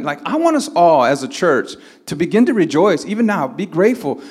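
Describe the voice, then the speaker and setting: A man's voice: fairly high pitch, big pitch swings, fairly quick, few pauses, slightly rough, long reverb tail. A man preaching a sermon as pastor, stretching out key words and building to emphatic, rising lines.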